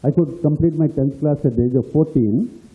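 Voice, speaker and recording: A man's voice: a little high, fairly quick. A man with an Indian English accent giving a motivational speech to students, telling anecdotes and acting out the dialogue. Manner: storytelling, acts out dialogue in anecdotes. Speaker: speaker at a university celebration. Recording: tinny phone-like lo-fi audio.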